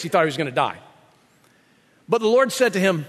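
A man's voice: sits high, animated, normal speed, fairly bright tone, in a large hall. A male pastor preaching a sermon in a conversational, explanatory way, often checking in with 'right?'.

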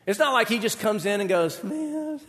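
A man preaching a lively sermon, acting out the voices of the people in the story with big swings in pitch. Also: normal speed, big-room sound. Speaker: pastor.

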